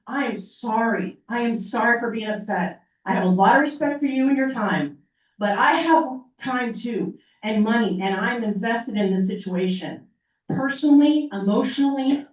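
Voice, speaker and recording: A woman's voice: on the high side, animated, moderate pace. An older woman making an upset, emphatic public comment at a city meeting, pleading with the officials. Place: city council chamber. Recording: echoey room mic, heard from far off, dull.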